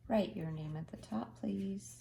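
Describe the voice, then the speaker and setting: A woman teaching her kindergarten class remotely, with gentle sing-song talk aimed at small children. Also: mid-range voice, a little slow, vocal fry, echoey room, recorded from a distance, slight background noise.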